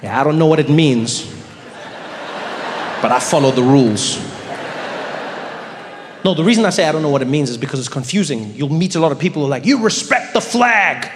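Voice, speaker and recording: A man doing animated, conversational stand-up comedy. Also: mid-range voice, a little fast, long pauses, noisy background. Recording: echoey hall with audience.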